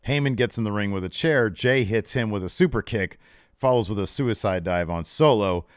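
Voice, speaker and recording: Male co-host, slightly low voice, easygoing wrestling recap full of "uh"s, dry close mic. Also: moderate pace, no echo. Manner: relaxed recapping with filler "uh"s, quotes wrestlers in a raised voice. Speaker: podcast co-host.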